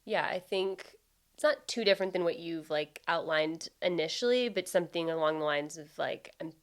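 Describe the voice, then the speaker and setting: A woman co-hosting a casual podcast, soft-spoken and caring, often saying "mm-hmm" while listening. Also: fairly low pitch, moderate pace. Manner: soft-spoken and caring, frequent backchannel "mm-hmm", many "like" fillers. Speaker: podcast co-host. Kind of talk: casual conversational podcast talk.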